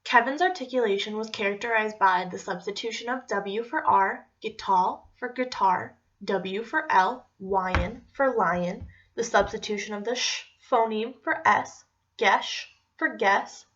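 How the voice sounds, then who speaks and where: A woman's voice: medium pitch, normal speed. Woman reading out a speech report, matter-of-fact, muffled lo-fi audio. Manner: reads technical terms in an even, matter-of-fact tone. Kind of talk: read-aloud report narration. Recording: dull lo-fi recording.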